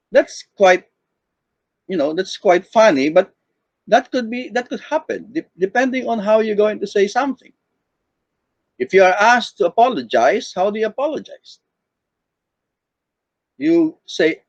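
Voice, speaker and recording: A man's voice: high voice, dry recording. A man giving an online class lecture, acting out example sentences to show how intonation changes meaning. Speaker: teacher. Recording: dull, lo-fi dry recording.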